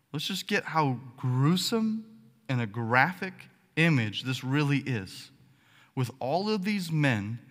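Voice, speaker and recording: A man preaching a sermon as pastor, animated and sarcastic, checking in with the congregation with frequent "okay?" asides. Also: on the high side. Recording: long hall reverb.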